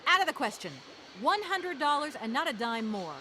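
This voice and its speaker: A sharp young lawyer heroine. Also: female voice, sits high, very animated, slight background noise, full character voice. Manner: poised, brisk and sharp-tongued. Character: ambitious young New York lawyer woman. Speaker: game protagonist. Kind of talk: video game voice acting.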